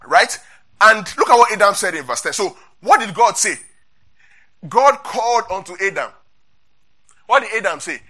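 A man's voice: high voice, lively intonation, normal speed, pauses often, sharp tone, breathy edge. A man preaching an interactive Bible sermon, asking his congregation questions and repeating key points.

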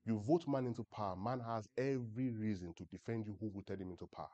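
A man's voice: lowish voice, fast, dark tone, highs cut off. A man preaching a sermon as a pastor. He keeps checking that the congregation is following him and leads them in reading scripture aloud together. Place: church service with a congregation.

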